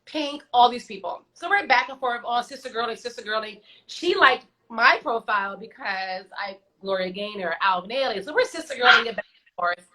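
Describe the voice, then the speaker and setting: A woman guest on an online show, telling her stories in a lively, chatty way. She acts out the voices of the people in them and drops in slangy asides. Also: on the high side, moderate pace, rough recording. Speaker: guest singer. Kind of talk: casual storytelling. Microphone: video call.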